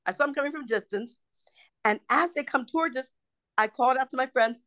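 Older woman telling animated stories. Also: high-pitched, fast talker, no echo. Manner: animated storyteller, acts out quoted voices. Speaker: podcast guest, host's mother. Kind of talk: casual storytelling chat. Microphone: video call.

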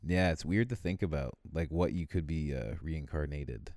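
A man's voice: moderate pace, dark tone, no echo. A man casually chatting and telling rambling stories, often mimicking other people. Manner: rambling storyteller, mimics people in high voices. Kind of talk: casual chat.

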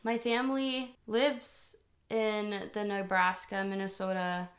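A woman's voice: medium pitch, little pitch movement, slow pace. Chatty giggly woman. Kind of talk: casual chat.

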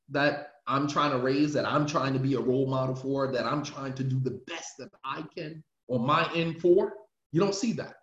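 A man, an imam, giving an emphatic, impassioned religious class lecture and driving his points home with repetition. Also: fairly high pitch. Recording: roomy, dull lo-fi sound.

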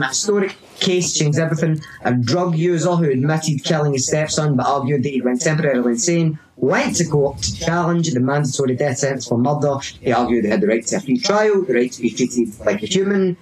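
A man's voice: a little high, low-quality recording. A man with a slightly raised voice spins a story for his co-hosts in a loose, laughing way, full of asides and swearing. The chatter of a crowd sits in the background throughout. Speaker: podcast co-host. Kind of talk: casual storytelling chat.

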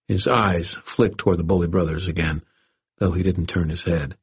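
A man narrating an audiobook in the first person, with a wry, gentle, measured manner. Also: low voice, steady tone, slightly rough, dry recording, highs cut off.

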